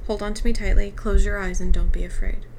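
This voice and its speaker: A woman's voice: mid-range voice, flat delivery, fast, a little mellow, faint music behind, close to an everyday voice, low-quality recording. A woman reading as a weary stern father. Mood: tender. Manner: heavy, weary, turns commanding. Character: tired, stern adult father.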